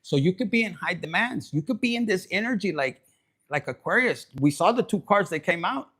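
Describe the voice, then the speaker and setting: A man's voice: high voice, animated, fairly quick, fairly bright tone, slightly rough. A man giving a loose, profane tarot reading, mixing Spanish into his talk. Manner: profane, rowdy, slips into Spanish. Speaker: tarot reader.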